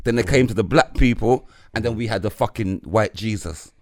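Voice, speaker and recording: A man's voice: fairly low pitch, fairly quick, darkish tone, no echo. A man, co-hosting a podcast in a teasing manner, swearing freely. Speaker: podcast co-host. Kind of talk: casual chat.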